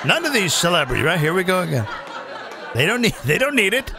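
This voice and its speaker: A man's voice: high voice, big pitch swings, quick pace, gravelly, a crowd in the background. A man hosting a live comedy show, ranting in a profane, rambling, digressive way.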